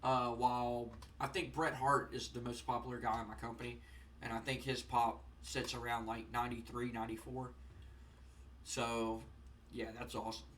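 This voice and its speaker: A young man casually commenting on a wrestling management game, rambling with lots of fillers and getting excited. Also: mid-range voice, normal speed, far from the mic, a little hiss or hum. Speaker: gaming channel host. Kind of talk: casual let's-play commentary.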